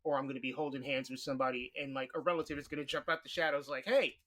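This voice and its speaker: New york guy on a podcast, mid pitch, talks frank and fast in bursts, swears casually. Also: little pitch movement, pushed and bright. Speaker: guest. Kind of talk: conversational interview.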